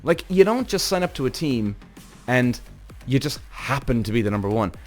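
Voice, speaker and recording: Male podcast host, mid pitch, loose, excitable and profane delivery, faint music underneath. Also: normal speed. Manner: animated, rambling, swearing, exclamatory. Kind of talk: casual commentary on a TV series.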